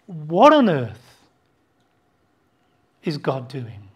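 A preacher gives a sermon in a lively voice whose pitch rises and falls, with drawn-out words and a breathy edge. Emphatic, he drives his points home with rhetorical questions, swinging between loud outbursts and quiet, hushed asides.

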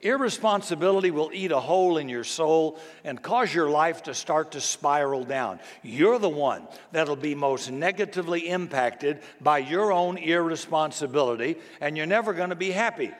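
An older man, a grandfather, preaching a sermon in a folksy, storytelling way, slow and deliberate. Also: fairly high pitch, lively intonation. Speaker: pastor. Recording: long hall reverb.

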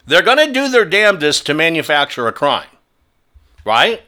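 A man's voice: on the high side, very animated, normal speed, sharp tone. A male talk show host delivering a combative, sneering monologue.

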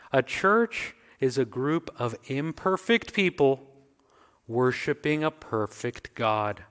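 A man's voice: on the high side, a bit bright. A man preaching a sermon as pastor and leading a closing prayer, building his points through emphatic repetition. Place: church sanctuary. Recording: long reverb, faint music.

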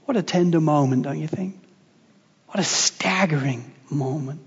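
A male pastor preaching a passionate sermon, swinging between loud proclamation and hushed tenderness. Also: a little high, normal speed, husky, dull audio. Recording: long reverb, hall.

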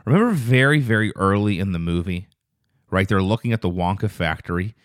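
Low-voiced man ranting through a story. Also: animated, dry recording, studio quality. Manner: rambling, profane storytelling; grows loud and fast when indignant. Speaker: podcast host. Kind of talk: casual solo podcast monologue.

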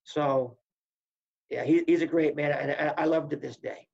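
A man's voice: fairly high pitch, normal speed, creaky, breathy edge, muffled recording. A man, a former wrestler, telling stories in casual talk and acting out what people said. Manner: animated storyteller acting out quotes. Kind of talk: casual storytelling.

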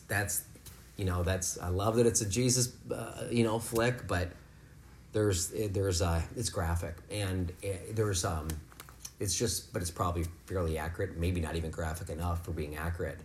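A man leading a home Bible lesson for his kids, explaining scripture in a relaxed, conversational way. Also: low-pitched, a little hiss or hum. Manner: rises to loud, fervent preaching, then talks softly and warmly with kids. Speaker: father leading a family devotion. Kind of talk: preaching to children at home.

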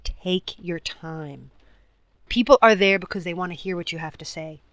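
A woman speaking coach giving advice in an interview, in a measured, deliberate way. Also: fairly low pitch, fairly bright tone, no echo.

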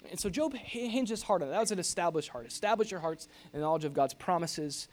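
A middle-aged pastor preaching a sermon in an animated, jokey way, acting out grumbling noises. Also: male voice, high voice, fast.

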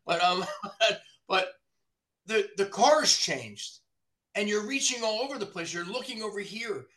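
A man, a body shop owner from the New Jersey area, ranting in casual podcast chat, profane and animated. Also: sits high, measured pace.

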